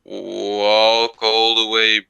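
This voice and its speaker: A young man playing a character in a tabletop game, speaking hesitantly with many pauses and uhs. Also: fairly low pitch, flat delivery, gravelly, sharp tone, clear, resonant tone, low-quality recording. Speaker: player. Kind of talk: casual tabletop game chat.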